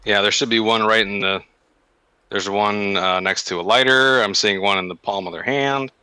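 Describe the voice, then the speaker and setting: Bright, forceful low-voiced man. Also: moderate pace, clear, resonant tone, no room sound, low-quality recording. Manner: animated, with exaggerated comparisons. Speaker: podcast co-host. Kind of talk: casual chat.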